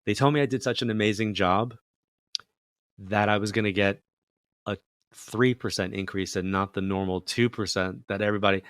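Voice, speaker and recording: A man's voice: lowish voice, normal speed, clear, resonant tone, no echo, clean studio sound. A middle-aged man, a psychic medium guest, telling a story in a casual interview, with lots of fillers and acted-out quotes. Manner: animated storyteller who acts out quoted voices, many fillers.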